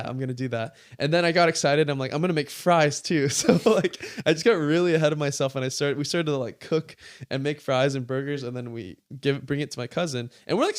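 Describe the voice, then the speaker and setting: Chatty man telling a story. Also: mid-range voice. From California. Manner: animated, fills speech with "like", acts out quoted dialogue. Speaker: guest creator. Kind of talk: casual storytelling interview.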